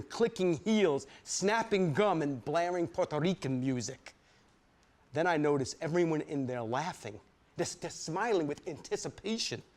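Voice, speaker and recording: A man from Brooklyn, reading a personal story aloud in an animated, profane, conversational way. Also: fairly high pitch.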